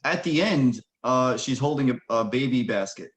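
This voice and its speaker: Man, mid-pitched, easygoing co-host who fills in plot details with a soft fade at line ends. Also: normal speed. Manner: relaxed, explains plot points, drops quietly at line ends. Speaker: podcast co-host. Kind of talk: casual movie review chat.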